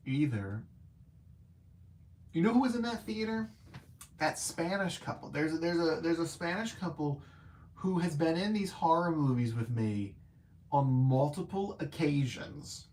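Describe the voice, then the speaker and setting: Speaking a little slowly in a voice on the high side, a man hosts a laid-back movie review live stream. He's animated and talkative, with plenty of fillers and playful digs at himself.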